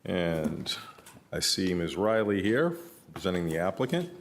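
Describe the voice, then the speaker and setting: A man chairing a public board meeting. He runs the procedure with casual pauses. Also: low-pitched, very animated, a little hiss or hum.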